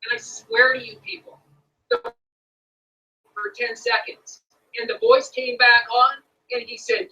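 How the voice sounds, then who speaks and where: A man with a Canadian accent tells a sales story with eager energy. His voice is high and bright. It comes from a distant speakerphone in a room. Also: very animated, takes it slowly, long pauses, muffled recording. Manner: enthusiastic storyteller, addresses "folks". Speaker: guest speaker. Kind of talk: sales pitch by phone.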